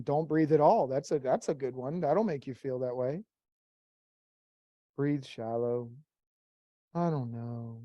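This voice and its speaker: Speaking slowly with long pauses and a warm tone, a blunt, middle-pitched workshop leader peppers the group with rhetorical questions during a motivational talk, swearing casually along the way. The sound is close and dry, with no echo or room sound.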